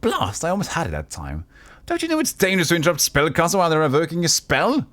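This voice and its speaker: A man putting on a brisk, scolding young sorceress. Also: on the high side, huge pitch swings, a bit bright, pitched above the performer's own voice. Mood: exasperated. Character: impatient young female apprentice spellcaster.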